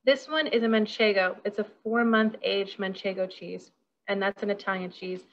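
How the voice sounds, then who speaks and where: A woman's voice: medium pitch, steady tone, moderate pace, lo-fi sound, a little hiss or hum. A woman caterer leading a casual hands-on workshop over a video call, bubbly and chatty, giggling often.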